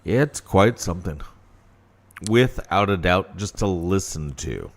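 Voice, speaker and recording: A man's voice: deep voice, lively intonation, slow. A man hosting a casual political talk radio show, brash and opinionated, with sarcastic asides.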